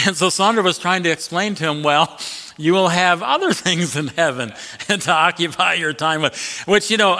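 A man preaching a sermon as pastor, animated, swinging from loud emphatic peaks to soft low asides. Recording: long reverb of a large hall.

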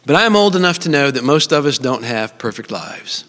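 A man's voice: mid-range voice, big pitch swings, moderate pace, fairly bright tone. A middle-aged man, preaching a sermon in an earnest, personal storytelling style with touches of humor. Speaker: speaker at a church service. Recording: long reverb of a large hall.

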